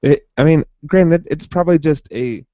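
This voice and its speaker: A man's voice: fairly high pitch, normal speed, no room sound, highs cut off. A man co-hosting a podcast in casual chat, with a dry, sarcastic delivery. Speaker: podcast co-host.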